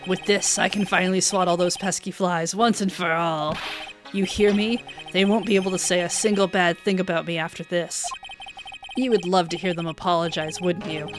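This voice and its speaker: A woman's voice: fairly low pitch, fairly even intonation, moderate pace, close to an everyday voice. Stern proud older lady, woman streamer doing her lines, needling, game music under it. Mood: imperious.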